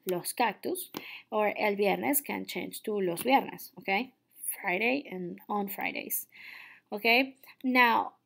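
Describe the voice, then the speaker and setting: Young woman walking students through a lesson, lots of "okay?", bit of vocal fry. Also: medium pitch. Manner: patient, checks in with frequent "okay?". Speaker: Spanish teacher. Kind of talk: recorded online lesson.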